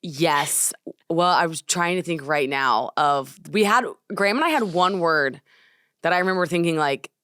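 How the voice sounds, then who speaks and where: A woman's voice: on the low side, moderate pace, smooth, no echo, studio quality. A young woman co-hosting a podcast, telling stories in casual chat and laughing often. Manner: animated storyteller, laughs often. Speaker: podcast co-host. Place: studio.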